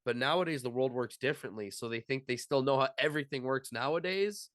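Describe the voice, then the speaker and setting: A man's voice: medium pitch, fast talker, a bit bright, no room sound, clean studio sound. A man co-hosting a comedy podcast, from Chicago, chatting casually and joking around in silly put-on accents. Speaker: podcast co-host.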